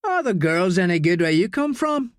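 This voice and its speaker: A man's voice: high voice, very animated, normal speed, clear, resonant tone, no room sound, clean studio sound, voice pushed up. A man doing a sneering drunk student. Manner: jeering, slurred drawl. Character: drunk bigoted young male student, sneering.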